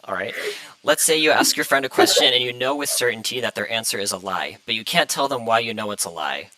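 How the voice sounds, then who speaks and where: Bright-voiced young man hosting a podcast. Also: mid-range voice, expressive, quick pace, no room sound, poor audio. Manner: hesitant, many fillers, flustered by tech trouble. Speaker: podcast host. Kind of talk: casual livestream podcast.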